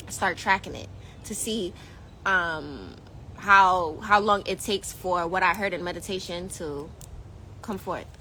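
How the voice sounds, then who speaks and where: A woman vlogger telling a casual storytime, animated and slangy, laughing often. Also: fairly low pitch, unhurried, a little hiss or hum, poor audio.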